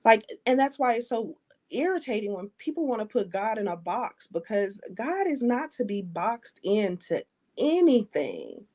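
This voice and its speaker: A woman's voice: on the high side, big pitch swings, a little slow, warm tone. A woman hosting a talk show, speaking with emphatic, faith-based encouragement and greeting viewers. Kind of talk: conversational interview.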